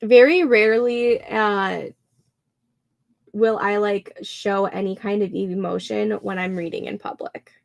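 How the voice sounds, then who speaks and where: A woman's voice: medium pitch, fairly even intonation, unhurried, gravelly. A young woman hosting a writing livestream, chatting casually and laughing often as she reads out comments from viewers. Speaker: livestream host.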